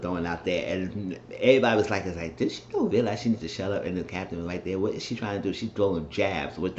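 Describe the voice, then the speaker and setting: A man with a lowish voice rambles through a casual reality show recap, jumping around and mimicking what people said. The sound is roomy and dull, with a faint hiss behind him. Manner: rambling, animated retelling with mimicked quotes.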